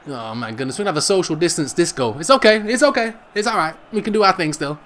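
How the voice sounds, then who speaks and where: Guy doing football game commentary, pretty high voice, all over the place, cracks jokes and yells when they score. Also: fast talker, slight background noise. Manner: jokey, excitable, yells at goals. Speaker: gaming channel host.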